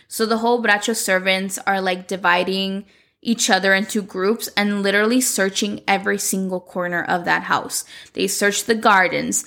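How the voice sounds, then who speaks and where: A woman's voice: medium pitch, creaky, fairly bright tone. A woman whose first language is Spanish, recapping a telenovela in chatty, opinionated English. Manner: chatty, lots of "like", opinionated asides. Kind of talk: casual recap chat.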